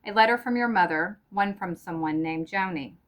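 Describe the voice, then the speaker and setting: A woman reading the part of a cold, sarcastic middle-aged husband who speaks deliberately and with mockery. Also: medium pitch, natural voice. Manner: irritable, mocking, deliberate.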